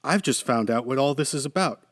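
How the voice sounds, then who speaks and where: A man's voice: medium pitch, lively intonation, brisk, no room sound, studio quality, lightly acted. A man reading the part of an anxious, chatty male computer engineer who talks with urgency. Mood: urgent.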